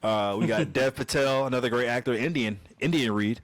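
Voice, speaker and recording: A man co-hosting a casual pop-culture podcast, talking in a crude, animated way, often stumbling over his words. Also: mid-range voice, a little fast. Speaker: podcast co-host.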